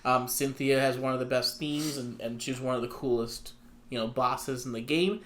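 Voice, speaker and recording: Hesitant, halting man. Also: medium pitch, steady tone, a bit bright. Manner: hesitant, halting, restarts a lot. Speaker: podcast co-host. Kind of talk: casual chat.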